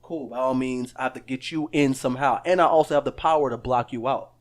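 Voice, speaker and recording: A man's voice: mid-range voice, fairly even intonation, quick pace. A man co-hosting a casual podcast, questioning and skeptical in an easygoing way. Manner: skeptical, questioning, says "listen, bro". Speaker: podcast co-host. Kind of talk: casual chat.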